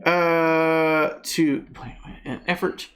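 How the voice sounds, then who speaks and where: A man's voice: fairly high pitch, fairly even intonation, slow, a bit bright. A man hosting a casual comedic news show, reading stories and adding sarcastic, exasperated asides.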